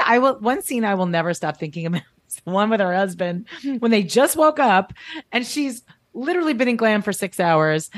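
A woman's voice: medium pitch, dry recording. A woman talking as a guest on a podcast in casual chat, gushing and acting out little quotes. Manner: animated, gushing, acts out quotes.

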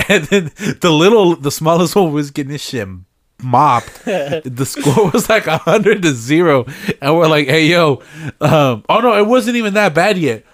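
Young man telling stories with loud laughs. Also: a little high, expressive, measured pace, no echo, studio quality. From San Francisco Bay Area. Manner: laughing storyteller, heavy slang and swearing. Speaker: podcast co-host. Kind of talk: casual chat.

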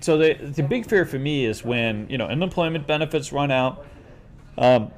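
A man's voice: medium pitch, lively intonation, normal speed. A man chatting casually as a local business owner, joking and rambling with frequent restarts. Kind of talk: casual chat. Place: based in Las Vegas.

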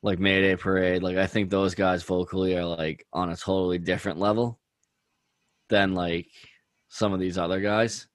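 A man's voice: low voice, little pitch movement, normal speed, dry recording. A man chatting casually about music, rambling with lots of "like" and "dude". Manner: rambling, heavy use of "like" and "dude".

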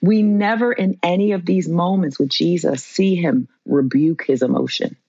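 A woman's voice: fairly low pitch, normal speed, dark tone, husky, no echo, highs cut off. A woman, a trauma therapist as guest, teaching in a fervent, preacherly way and repeating lines for emphasis. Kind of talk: impassioned sermon-like teaching.

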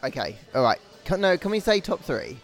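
A man's voice: a little high, big pitch swings, brisk, soft background music. Easygoing man in casual bar chat. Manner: easygoing, good-natured. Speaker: podcast co-host. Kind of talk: casual banter.

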